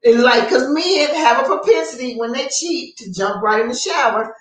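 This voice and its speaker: Lively woman co-host in an echoey room. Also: sits high, moderate pace, recorded from a distance. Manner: animated, reads out listener comments. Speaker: radio show co-host. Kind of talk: casual panel chat.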